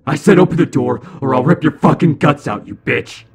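A man's voice: on the high side, sing-song, moderate pace, mellow, slightly rough, voice pushed up. A man voicing a monster that pretends to be a young stallion boyfriend and talks in a coaxing, pleading way. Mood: furious. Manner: pleading, then threatening.

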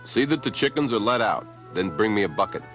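A stern pioneer father barking orders across the wagon camp, as a man puts him on. His commands come out loud and sharply inflected. Music hums under this storybook reading. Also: fairly low pitch, sing-song, brisk, voice pushed up. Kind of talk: read-aloud storybook voice. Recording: background music.

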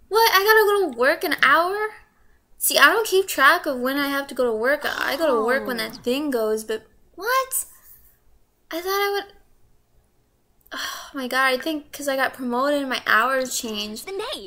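A woman's voice: high-pitched, pushed and bright, a little hiss or hum. A young woman casually commenting on her gameplay, playful and giggly, humming and singing little tunes to herself.

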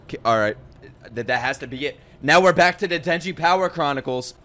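A man hosting an anime reaction video in casual commentary, swinging between loud outbursts and hushed murmurs. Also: a little high, expressive, a little fast. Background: faint anime soundtrack music.

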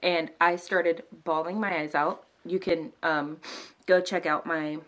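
A young woman chats to her camera in a casual vlog, teary and emotional, her speech full of "like" and "um" fillers. Her voice sits a little low for a woman. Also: fairly even intonation, measured pace, fairly bright tone. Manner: emotional, near tears, many "like" and "um" fillers. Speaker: vlogger, new mother.

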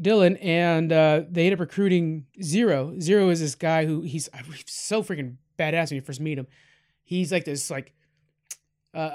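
High-voiced man rambling through a movie review. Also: a little mellow. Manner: rambling, chatty, many fillers, addresses listeners as guys. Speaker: podcast host reviewing a film. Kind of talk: casual spoken film review.

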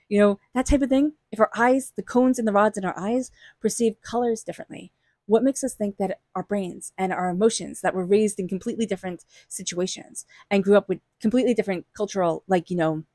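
A woman reads tarot in a loose, chatty way, reassuring and quick to laugh as she talks straight to the listener. Her voice sits in a middle pitch. It sounds close and dry, with no room around it. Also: a little mellow, dry recording. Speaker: tarot reader. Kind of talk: casual spoken tarot reading.

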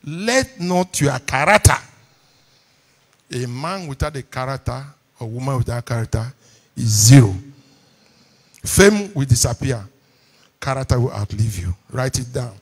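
A man's voice: medium pitch, animated, normal speed, darkish tone, husky. A man with a Nigerian English accent, preaching a sermon from a church pulpit, calling on the congregation to repeat lines back to him. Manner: call-and-response preaching, repeats lines for emphasis. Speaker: pastor. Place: church hall.

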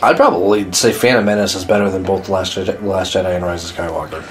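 A man's voice: deep voice, fast, reverberant, a little hiss or hum. A man co-hosting a casual comedy chat, joking, swearing and laughing often. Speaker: podcast co-host.

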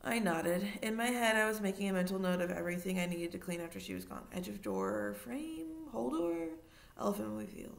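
A woman reading a children's novel aloud in a mid-pitched voice. Her narration is steady and unhurried, and she now and then stops to remind her listeners of something. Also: gravelly. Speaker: reader.

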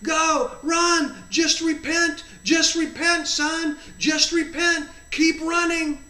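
A man's voice: sits high, big pitch swings, normal speed, fairly bright tone. Jesus, as a man puts him on, urging "run". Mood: urgent cheering. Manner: encouraging, repeating short commands. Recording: roomy echo.

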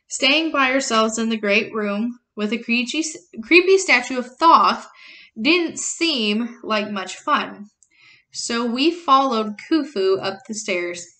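A woman reading a novel chapter aloud as a teacher, plain and unhurried, correcting herself and adding short explanations. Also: on the high side, pushed and bright.

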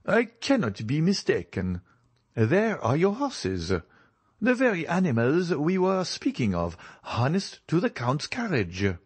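A male reader lending his voice to an eager young gentleman in a storybook recording. He speaks urgently, with wide pitch swings, slow and close in a dry sound. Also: wildly swooping pitch, husky, no room sound, exaggerated voice. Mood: startled.

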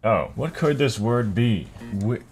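With music playing behind him, a gaming YouTuber plays a word puzzle while thinking aloud, trailing off into half-words and guesses and frequently chuckling at himself. His medium-pitched voice is expressive and slightly dark in tone, delivered at a measured pace.

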